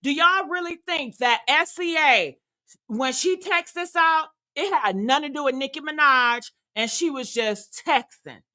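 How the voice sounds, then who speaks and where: A brash, profane woman in her sixties hosting a casual commentary show. Her voice sits high and sounds bright and forceful. She talks with plenty of sass. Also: unhurried. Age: 60s. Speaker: commentary host.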